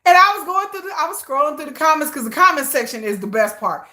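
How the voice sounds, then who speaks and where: A woman hosting a live stream, chatting casually and gossipy, animated, often bursting into laughter and shrieks. She talks straight to her viewers, calling them "girl.". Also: high-pitched, quick pace. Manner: animated, laughing, shrieks and squeals names at the screen. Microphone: phone or camera on a tripod.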